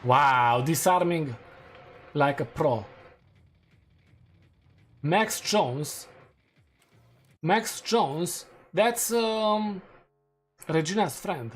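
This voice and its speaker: A man's voice: a little high, lively intonation, drawn-out words, pauses often, faint music behind. A man streaming a game, chatting casually and laughing at his own takes; English is not his first language. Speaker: gaming streamer. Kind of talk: casual gameplay commentary.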